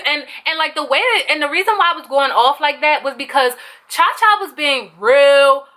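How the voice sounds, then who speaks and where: A young woman vlogger telling an animated storytime, swearing freely and acting out quotes with a raised voice. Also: high voice, moderate pace. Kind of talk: casual storytime.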